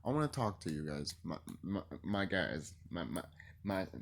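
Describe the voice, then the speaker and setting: Rambling low-voiced man vlogging. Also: moderate pace, gravelly. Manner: rambling, excitable, profane. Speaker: YouTuber. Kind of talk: casual vlog monologue.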